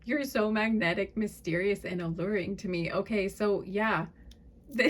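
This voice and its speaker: A woman doing a pick-a-card tarot reading in a soft, chatty and apologetic way. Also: medium pitch, normal speed. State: fits of laughter. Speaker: tarot reader.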